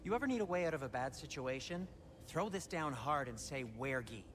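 A man's voice: on the high side, lively intonation, a little fast, a bit bright, slight background noise. An actor playing a kindly male dwarf craftsman in a video game, giving friendly, fussy advice. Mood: caring.

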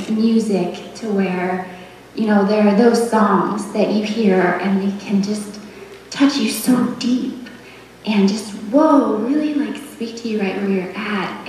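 A young woman giving a tender, rambling memorial tribute, laughing softly between her thoughts. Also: medium pitch, a little hiss or hum. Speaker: daughter giving a eulogy. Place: memorial service hall. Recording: echoey hall, heard from far off.

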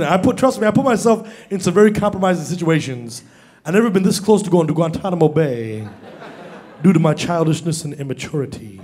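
Man, high voice, stand-up comic, animated storytelling, live stage mic. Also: fast talker. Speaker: stand-up comedian. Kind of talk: stand-up comedy routine. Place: stage before a live audience.

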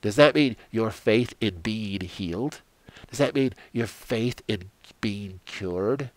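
An older man giving an earnest devotional sermon, telling stories dramatically and sinking into quiet prayer. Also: fairly low pitch, takes it slowly, no room sound. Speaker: Christian health coach.

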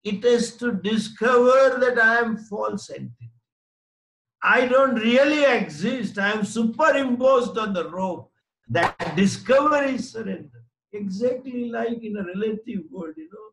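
A high-pitched man teaches a spiritual class. He rephrases each point patiently and leans on everyday stories. The sound carries a roomy echo. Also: animated, a little slow, fairly bright tone. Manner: explains by repeating and rephrasing, with homely anecdotes and short laughs. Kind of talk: Vedanta lecture to a class.

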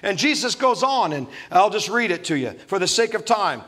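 A man preaching a sermon as a pastor, animated and full of humorous asides. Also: high-pitched, normal speed.

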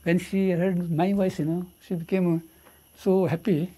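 An older man with an Indian English accent, a coffee estate owner, recounting in an interview how an elephant attacked him, halting and restarting mid-phrase. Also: sits high, level tone, mellow. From southern India.

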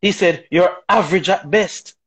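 Guy on a talk show, kinda husky and high, preachy, keeps going "right?". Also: moderate pace, a bit bright, low-quality recording. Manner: emphatic, rhetorical, keeps asking "right?". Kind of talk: opinionated talk show discussion.

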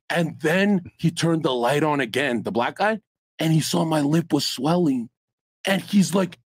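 A man with a husky, fairly high voice holds the floor on a podcast panel. He talks in a profane, boastful, rambling way, spinning a story and arguing hard. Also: animated, normal speed. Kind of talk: heated panel banter and storytelling.

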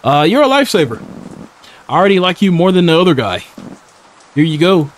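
A young gaming YouTuber with a high-sitting voice and big pitch swings talks briskly through a horror game in casual let's-play commentary. He's slangy, laughs often and talks back to the characters, with slight background noise.

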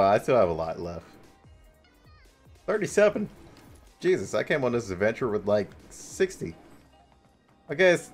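Excitable young man yelling at game enemies. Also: on the low side. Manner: excitable, laughing, yelps and swears at enemies. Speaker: gaming streamer. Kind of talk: casual gameplay commentary.

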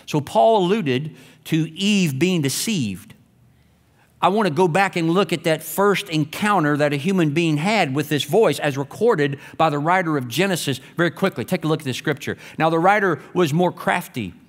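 A man preaching a sermon as pastor, reading scripture and stories with emphatic delivery that swings between raised, urgent lines and hushed, low ones. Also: moderate pace.

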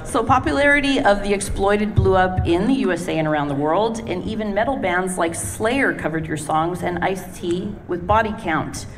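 A woman asking interview questions in a plain, measured way. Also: mid-range voice. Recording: distant mic with background noise.

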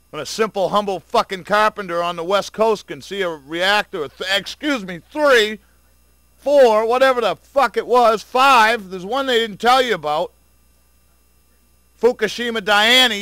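A man's voice: high-pitched, sharp tone, no echo. A man in an angry, profane, sarcastic video rant, addressing his viewers directly. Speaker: vlogger.

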